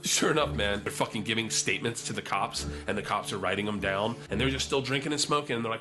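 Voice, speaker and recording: A male comedian telling an animated, profane story on stage and acting out other people's lines. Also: on the low side, fast talker, few pauses, music in the background. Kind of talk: stand-up storytelling.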